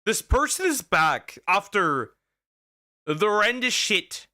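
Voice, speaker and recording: A man's voice: high-pitched, big pitch swings, slow pace, sharp tone. A man streaming as a vtuber, giving blunt, mocking reaction commentary and often stumbling over and repeating his words.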